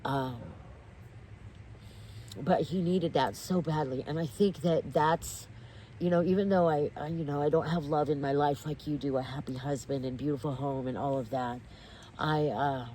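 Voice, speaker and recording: A woman telling a personal story in casual podcast chat, animated and intense, restarting her sentences and near tears. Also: low voice, a little hiss or hum. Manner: animated, intense, self-interrupting, quick to tears. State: tearful. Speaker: guest.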